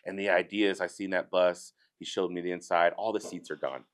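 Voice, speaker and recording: A man's voice: low-pitched, fairly quick. A man, a barbecue business owner chatting as a guest and telling stories. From Southern California. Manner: relaxed, rambling storyteller who acts out others' lines. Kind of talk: casual chat.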